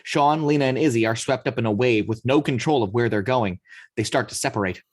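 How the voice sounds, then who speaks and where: A man narrating the action lines of a screenplay read-through in a steady storytelling manner. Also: medium pitch, a little fast, no echo. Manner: steady storytelling, occasional slips. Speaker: narrator reading action description.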